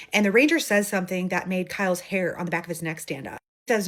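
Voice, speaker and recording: Fast-talking woman telling a scary story. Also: on the low side, fairly bright tone. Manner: chatty, conversational, acts out quoted voices. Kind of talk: retelling a submitted scary story.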